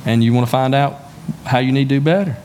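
A man preaching a sermon to his congregation in a mid-pitched, easygoing voice. He talks like he is chatting, tells folksy stories and acts out the people in them. A faint hiss of noise sits under the recording. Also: fast talker, a little mellow. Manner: conversational, folksy storytelling with acted-out dialogue. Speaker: pastor. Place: church sanctuary.

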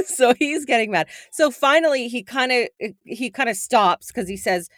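A woman, chatting as a podcast co-host and telling lively stories with frequent laughter. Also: on the high side, moderate pace, no echo, studio quality. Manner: animated storyteller, laughs often. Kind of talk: casual chat.

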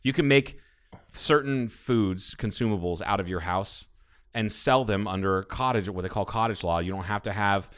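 A man's voice: lowish voice, normal speed, fairly bright tone. A man co-hosting a casual podcast, rambling and swearing freely as he talks about baking. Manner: profane, rambling, enthusiastic. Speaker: podcast co-host. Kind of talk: casual chat.

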